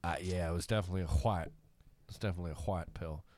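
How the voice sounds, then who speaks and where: A man's voice: low-pitched, rapid-fire, darkish tone, no echo. A man co-hosting a casual podcast, talking emphatically and swearing freely as he jokes with friends. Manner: emphatic, profane, laughing often. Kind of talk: casual chat.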